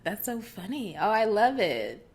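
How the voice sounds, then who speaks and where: Woman host chatting, laughs and teases a lot, pitch jumps around. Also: very animated, unhurried, slightly rough. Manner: reactive, laughing, teasing. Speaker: interview host. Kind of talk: casual interview chat.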